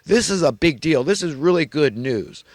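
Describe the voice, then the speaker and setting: A man's voice: a little high, animated, moderate pace, dry recording. Man with a raised voice, dry close sound. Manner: earnest, swinging from loud urgent preaching to quiet confession; religious, ranting about elites. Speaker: channel host. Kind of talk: impassioned spoken monologue.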